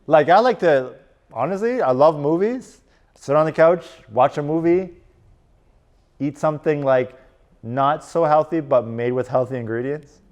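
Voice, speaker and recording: A man coaching a live audience in a casual, animated presentation. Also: a little high, unhurried, dull audio. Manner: casual and animated, lots of "like" and "right?". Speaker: strength and performance coach. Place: conference room.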